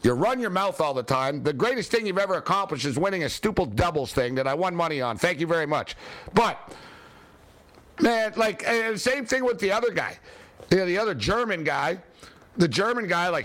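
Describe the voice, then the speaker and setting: A high-pitched man talking sports in a loose, ranting way, peppering every sentence with fillers. His delivery is animated and opinionated, a casual chat-show host letting off steam.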